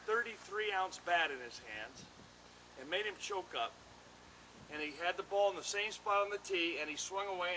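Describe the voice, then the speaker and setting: Older man, high voice, casual storyteller, acts out voices, noisy workshop. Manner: animated yarn-spinner who acts out other people's lines. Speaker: retired pitcher, interviewee. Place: home bat workshop.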